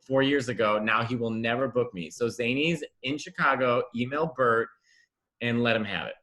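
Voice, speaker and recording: A man's voice: medium pitch, sharp tone. A man co-hosting a podcast, a comedian chatting casually with jokey asides. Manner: chatty, jokey, fast asides and quoted voices. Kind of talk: casual chat.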